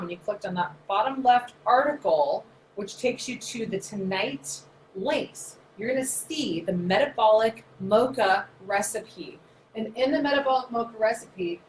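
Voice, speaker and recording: A woman in her thirties, a naturopath, explaining science in a chatty, animated, nerdy way. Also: a little high. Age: 30s. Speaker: naturopath presenter. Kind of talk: casual explanatory talk. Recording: echoey room, faint noise.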